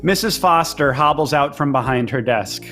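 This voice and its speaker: Brief: game master, man, chatty narrator, slightly high voice, soft music underneath. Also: animated, measured pace. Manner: chatty, lots of fillers and laughs. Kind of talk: narrating a tabletop role-play game.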